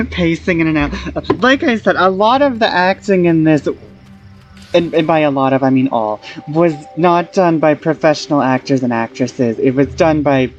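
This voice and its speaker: A woman's voice: sits low, normal speed, highs cut off, faint music behind. A woman streaming a game, casual commentary, laughing and shrieking in disbelief.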